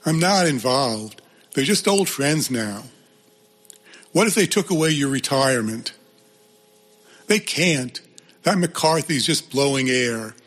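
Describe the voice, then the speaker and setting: A man's voice: medium pitch, lively intonation, slow, pauses often, a bit bright. A man reading aloud as a curt, defiant old man who brushes off danger. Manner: curt, dismissive.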